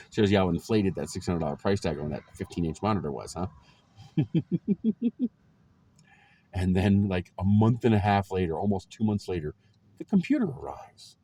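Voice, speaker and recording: A man's voice: low-pitched, huge pitch swings, measured pace, pauses often, mellow. A man in his forties casually telling stories about his life to camera, rambling along with lots of ums and chuckles. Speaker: vlogger.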